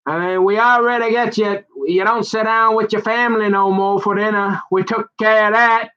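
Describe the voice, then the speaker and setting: A man talks in a meandering, folksy ramble, circling back and repeating himself as he goes. His voice sits fairly high for a man. The recording is dull and lo-fi. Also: fairly even intonation, normal speed, bright, forceful tone, clean tone. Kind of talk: rambling casual monologue. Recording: dull lo-fi sound.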